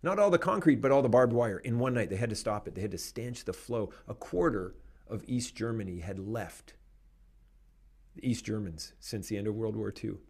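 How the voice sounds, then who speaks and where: A man in casual conversation, talking in an animated, opinionated way and laughing often. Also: on the low side, moderate pace, husky.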